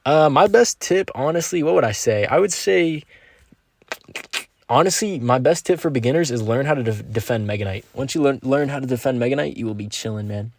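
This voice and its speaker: Here a young man with a mid-range, darkish voice talks a little fast and animatedly while playing a mobile game on stream. He keeps it laid-back and slangy, responding upbeat to his viewers' messages.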